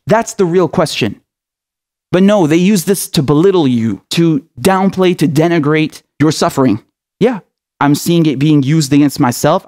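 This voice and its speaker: A man's voice: a little high, darkish tone. A man hosting a political commentary show, delivering an impassioned, outraged rant full of swearing.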